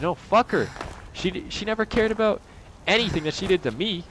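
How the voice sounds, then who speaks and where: A young man delivers a heated, profane rant straight to his camera. His voice sits at an ordinary mid pitch and jumps from loud, sarcastic outbursts to low, bitter muttering. A faint hiss of background noise runs under the recording. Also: expressive, fast. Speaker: vlogger. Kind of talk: angry personal rant to camera.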